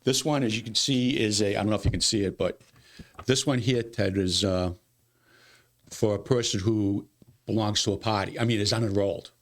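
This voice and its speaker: A man who runs a city's elections, explaining voting rules in a casual studio interview, talking quickly and with animation, repeating himself when exasperated. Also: on the low side. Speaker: city elections director. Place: local TV studio.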